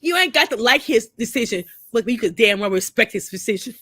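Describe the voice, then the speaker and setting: A woman's voice: on the high side, lively intonation, fairly quick, bright, forceful tone, dry recording. A crying woman pouring out a profane, repetitive rant to her camera, speaking. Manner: tearful, repeating herself, profane. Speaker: vlogger. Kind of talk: emotional personal rant to camera.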